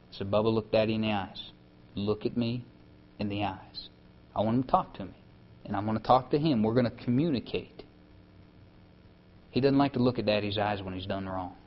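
Conversational preacher, dull lo-fi sound. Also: male voice, mid-range voice. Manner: conversational, drops to soft tones for emphasis. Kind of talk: sermon. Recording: dull lo-fi recording.

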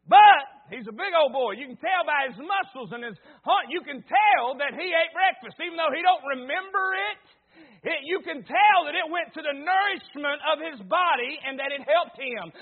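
Male preacher, very high voice, folksy stammering storyteller, tinny phone-line sound. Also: animated, moderate pace. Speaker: pastor. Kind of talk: sermon with personal story.

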